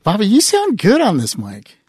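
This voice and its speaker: A man's voice: high-pitched, huge pitch swings, normal speed, a little mellow, slightly rough, dry recording. A man hosting a podcast in a studio, chatting loosely with his guests and laughing often. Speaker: podcast host. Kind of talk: casual podcast chat.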